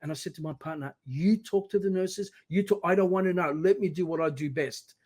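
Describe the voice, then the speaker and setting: A middle-aged man telling his personal story as a podcast guest, emphatic and animated, often quoting his own words. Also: high-pitched, brisk.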